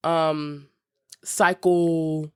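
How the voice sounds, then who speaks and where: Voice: mid-range voice, flat delivery, drawn-out words, clear, resonant tone, no room sound. South African-raised podcast guest, conversational storyteller, mid-range voice, dry sound. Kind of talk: casual gossip chat.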